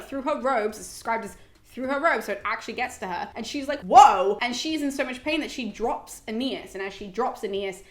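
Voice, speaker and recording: A woman giving a chatty, casual book summary, full of "like" and quick laughs, recorded in an echoey room. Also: high-pitched. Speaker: host.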